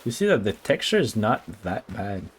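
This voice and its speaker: Excitable gamer, swearing. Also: male voice, lowish voice, normal speed, a little hiss or hum. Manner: excitable, swears, stammers and restarts, hums to himself. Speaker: streamer. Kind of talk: casual let's-play commentary. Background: faint game music.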